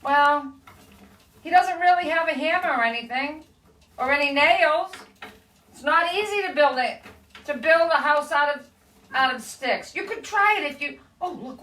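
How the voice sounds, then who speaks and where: Middle-aged woman, animated children's storyteller, high bright voice, echoey room, heard from a distance. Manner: animated, questioning the kids, gasps and laughs. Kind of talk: read-aloud storytelling for children. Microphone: live video stream. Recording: echoey room, away from mic.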